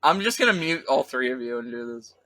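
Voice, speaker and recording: A man's voice: mid-range voice, lively intonation, a little fast, background noise. A man co-hosting a podcast in casual chat, rambling with lots of "like" and restarts. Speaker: podcast co-host.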